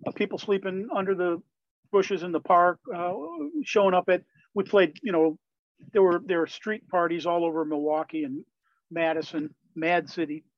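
An older man from Wisconsin tells candid, lively stories as an interview guest. His voice sits fairly high. The sound is dry and a bit dull, with a lo-fi edge. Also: moderate pace, no room sound. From Wisconsin, USA. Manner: lively, candid anecdotal telling. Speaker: guest, Christian musician and pastor. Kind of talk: storytelling in a conversational interview.

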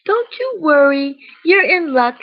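A woman's voice: sits high, sing-song, measured pace. A woman voicing a kindly, motherly female duck in a storybook, soothing and rhyming in a sing-song way, on a dull lo-fi recording.

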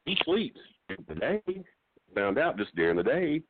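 A middle-aged man calling in to a talk show, telling meandering jokes with halting restarts. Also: mid-range voice, very animated, dry recording. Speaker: regular caller. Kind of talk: rambling comedic call-in chat. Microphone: phone. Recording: dry tinny phone line.

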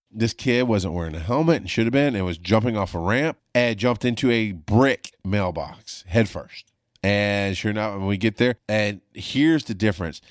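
A middle-aged man and paramedic telling a story in a casual monologue, profane and animated, his voice jumping high when he acts out panic. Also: no room sound, studio quality. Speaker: paramedic podcast host.

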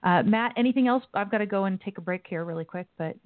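A female talk show host giving measured, opinionated commentary. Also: medium pitch, no room sound, soft background music. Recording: dry, phone-like line.

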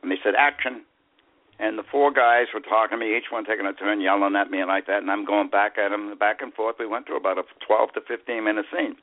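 A man's voice: on the low side, fairly even intonation, fast talker, hardly any pauses. A man in his eighties with a Boston accent, telling rambling stories as an interview guest. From USA. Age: 80s. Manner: rambling anecdotes, hesitant fillers. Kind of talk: storytelling interview. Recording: phone line.

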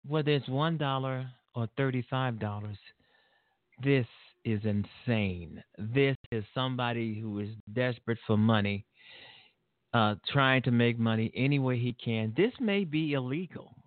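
A man's voice: medium pitch, a little slow, no echo. A man hosting his own show, giving rambling, indignant political commentary with laughter and restarts. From Illinois, USA. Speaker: show host. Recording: dry tinny phone-like sound.

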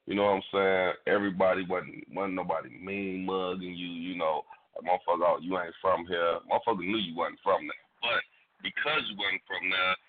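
A man with a very deep voice hosts a casual radio chat, rambling along in loose, laid-back slang. The audio is thin and narrow, like a phone line. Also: fairly even intonation, fairly quick, a little hiss or hum. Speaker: radio show host.

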